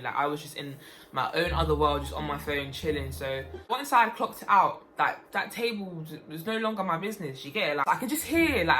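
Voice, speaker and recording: Young woman, low-pitched, animated storytime vlog, music behind. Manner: animated, swings into loud high outbursts. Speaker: waitress telling a story.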